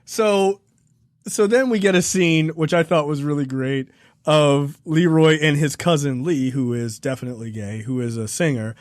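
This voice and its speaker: A man's voice: on the high side, fairly even intonation, normal speed, dry recording, studio quality. A man co-hosting a film review podcast in loose, profane casual chat, laughing and acting out lines from the show. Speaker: podcast co-host.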